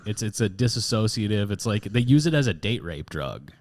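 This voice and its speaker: A lower-pitched man on a comedy podcast who chimes in with laid-back, dry remarks. He stays even and casual throughout. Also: fairly quick. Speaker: podcast co-host.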